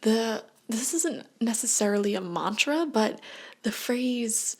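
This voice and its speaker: A woman giving a casual tarot reading at home late at night, talking in a hushed voice that often drops to a whisper, chatty and prone to tangents. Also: a little high, lively intonation, unhurried. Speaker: tarot reader.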